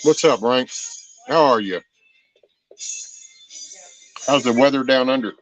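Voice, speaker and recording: A man's voice: mid-range voice, slow pace, dry recording. A man hosting a vlog, chatting casually and joking with plenty of swearing while he works. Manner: loose and joking, with frequent swearing. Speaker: vlog host. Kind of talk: casual chat while working outdoors. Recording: dull lo-fi sound with music.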